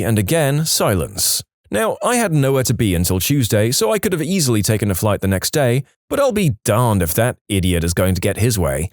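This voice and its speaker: A man reads out online stories with a wry, sarcastic edge, his pitch swinging lively up and down. His voice sits at a middling pitch, and the recording is dry and close, with no room sound. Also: no echo. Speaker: story narrator. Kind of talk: scripted narration of online stories.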